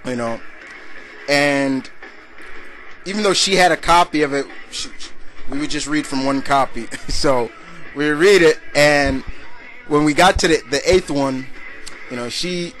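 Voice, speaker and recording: A man's voice: fairly high pitch, a little slow, pauses often, fairly bright tone, faint music behind. A young man hosting a casual video blog, answering viewer questions in a rambling way with many fillers and restarts.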